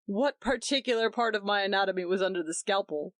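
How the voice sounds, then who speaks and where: A woman's voice: medium pitch, fairly quick, fairly bright tone, no room sound, natural voice. A woman doing a smug, jovial, needling man. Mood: mocking. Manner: jovial then indignant.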